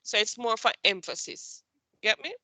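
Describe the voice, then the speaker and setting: Bright-voiced woman teaching computer class. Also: on the high side, animated, normal speed, dry recording. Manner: questioning, patient, repeats points.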